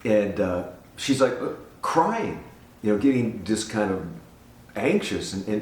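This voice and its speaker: Older man, low voice, earnest testimony storyteller, recorded roomy and off-mic. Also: unhurried. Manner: earnest, animated storyteller who repeats himself. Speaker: guest giving a testimony. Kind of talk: casual spoken testimony. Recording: roomy sound from a distance.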